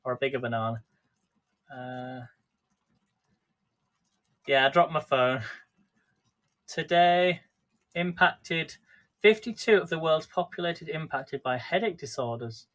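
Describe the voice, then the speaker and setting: Brief: male livestream host, slightly higher voice, rambling friendly cooking chat into a phone. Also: animated, slow, pauses often, a bit bright. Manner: rambling, chatty, addresses viewers by name. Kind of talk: casual live cooking chat.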